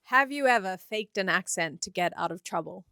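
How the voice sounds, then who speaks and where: A woman's voice: mid-range voice, animated, normal speed, sharp tone, dry recording, studio quality. Easygoing woman podcast co-host. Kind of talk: casual chat.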